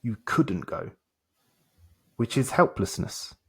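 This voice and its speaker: Speaking slowly in a sing-song, medium-pitched voice with a breathy edge, this man is a self-development coach guesting on a podcast. He tells stories animatedly in conversation, acting out dialogue through short repeated phrases.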